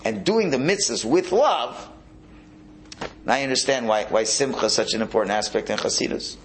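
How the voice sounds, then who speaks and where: A man teaching a Hasidic Torah class, animated and prone to repeating words and restarting his phrases. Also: mid-range voice, normal speed, slight background noise. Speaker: religious teacher.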